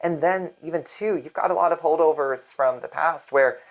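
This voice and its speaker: A woman's voice: low voice, moderate pace, poor audio. A woman from Virginia, a real estate agent, talking casually and chattily to camera in an upbeat vlog. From Alexandria, Virginia.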